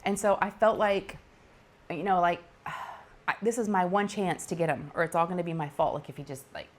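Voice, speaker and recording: A middle-aged woman chats casually at her craft table, telling a story in an animated way and acting out the people in it. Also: low-pitched. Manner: animated, laughing, acts out quoted voices. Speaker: diamond painting channel host.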